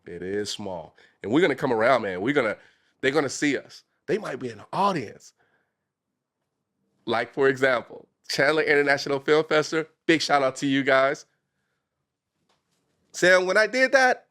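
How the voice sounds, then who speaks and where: A man, a talk show host guesting on a podcast, telling a story with excitement, acting out quotes and swinging from whispers to shouts. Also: mid-range voice, normal speed, pauses often. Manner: speaks some Spanish and English. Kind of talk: animated storytelling in casual chat.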